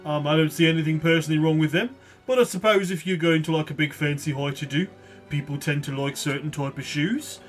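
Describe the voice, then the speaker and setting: A man's voice: on the high side, steady tone, fairly quick, faint music behind, natural voice. A man voicing a small, chatty male gnome shoe-shop keeper in a wobbly put-on regional accent, rambling with many fillers. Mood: eager. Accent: vague Birmingham-like put-on accent. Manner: hesitant, rambling salesman patter with many fillers.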